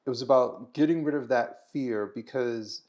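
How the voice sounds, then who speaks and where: A man hosting a casual conversation over a meal, speaking haltingly and restarting his sentences often. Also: medium pitch, a little mellow. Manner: halting, with many restarts and fillers. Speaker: host.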